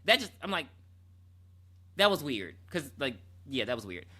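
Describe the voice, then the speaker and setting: A man recapping a film on a podcast in loose, casual chat. His voice is bright and lively, swinging up and down as he slips into quick impressions of the characters. He laughs easily as he goes. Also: medium pitch. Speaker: podcast co-host.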